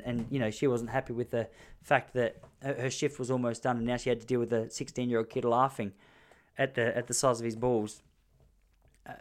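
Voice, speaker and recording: A man in his thirties hosting a podcast, telling crude stories in a rambling monologue full of restarts. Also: medium pitch. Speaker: podcast host. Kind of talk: casual comedic monologue.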